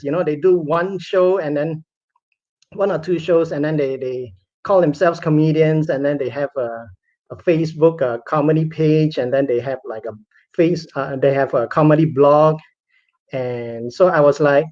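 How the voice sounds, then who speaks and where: A man's voice: fairly high pitch, normal speed. A man who is a comedian, telling a personal story in a chatty, self-deprecating way with many fillers. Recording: dull lo-fi recording.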